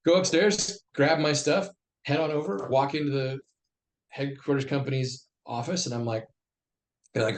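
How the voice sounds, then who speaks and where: Brief: middle-aged veteran man, mid-pitched voice, conversational yarn-spinner who acts out the quotes. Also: normal speed. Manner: acts out quoted dialogue in lively bursts. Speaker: podcast guest, army veteran. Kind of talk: conversational storytelling.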